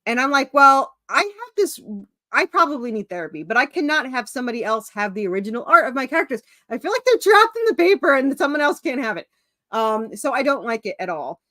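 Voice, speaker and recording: A woman's voice: sits high, very animated, fast, bright, forceful tone, no room sound, clean studio sound. A woman, an indie comic creator, chatting as a guest on a video call, rambling with many fillers and restarts and laughing at herself. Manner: self-mocking, laughs at herself. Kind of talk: casual video-call chat.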